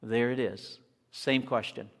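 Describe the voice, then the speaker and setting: A man preaching a sermon with animated storytelling, acting out the scenes, recorded in an echoey church hall. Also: medium pitch, unhurried.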